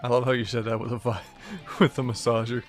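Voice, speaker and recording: A man's voice: mid-range voice, steady tone, a little fast, soft background music. A man casually commenting on a game he is playing, with wry, offhand remarks. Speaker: let's play host.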